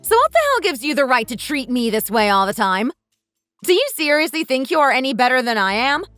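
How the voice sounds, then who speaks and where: A woman's voice: sits high, very animated, a little fast, no echo, soft background music. A woman voicing a sarcastic young wife who talks back bluntly to her mother-in-law in a texting-story drama. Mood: mocking. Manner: sharp, mocking, blunt.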